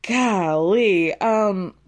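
A woman's voice: medium pitch, very slow. Sassy woman recapping reality TV. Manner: animated and sassy, with frequent laughter and exclamations. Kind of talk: casual recap commentary.

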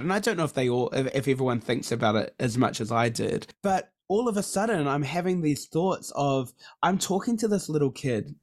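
A middle-aged man, co-hosting a podcast in casual chat, candid and effusive, talking openly about his feelings and swearing freely. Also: on the high side. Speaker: podcast co-host.

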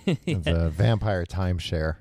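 Deep-voiced man with dry wisecracks. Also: lively intonation, measured pace, darkish tone, no echo. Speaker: podcast co-host. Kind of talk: casual chat.

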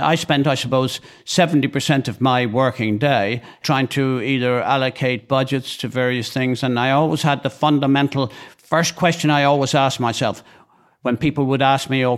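Older Irish man, podcast co-host, rambling, animated storyteller. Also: mid-range voice. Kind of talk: casual chat.

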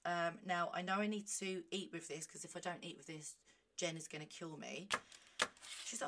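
Chatty, animated woman. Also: on the low side, normal speed, background noise. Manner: chatty, animated and self-mocking, reading aloud with asides. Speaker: podcast host. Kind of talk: casual solo monologue.

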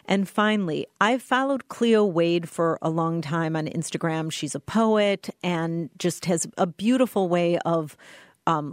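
A woman co-host chats casually on a podcast, gushing over her favorite finds. Her voice sits a little low, and the studio sound is dry and close. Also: dry recording. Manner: enthusiastic, gushing recommendations. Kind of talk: casual chat.

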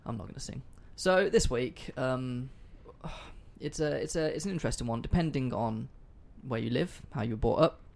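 Gravelly man hosting a podcast. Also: medium pitch, moderate pace. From not American. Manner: casual, sweary, storytelling. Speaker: podcast host. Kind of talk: casual history podcast chat.

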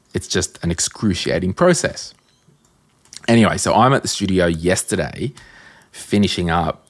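An Australian man hosting a podcast, telling stories in a casual, animated way and acting out conversations. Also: low voice. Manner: animated storyteller, acts out quoted exchanges. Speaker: podcast host. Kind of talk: casual chat.

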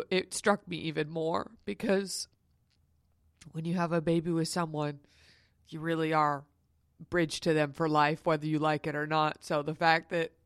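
Woman podcast host, frank and confiding, smooth clear voice, dry close sound. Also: low-pitched, a bit bright, no room sound. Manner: frank, emphatic and confiding, addresses listeners as honeys. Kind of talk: candid personal storytelling.

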